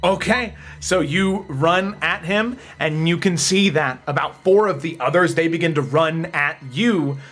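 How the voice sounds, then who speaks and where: A man narrating a tabletop game as game master, briskly calling rolls and damage. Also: on the high side, fairly bright tone, soft background music. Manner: brisk narration, rolling dice aloud.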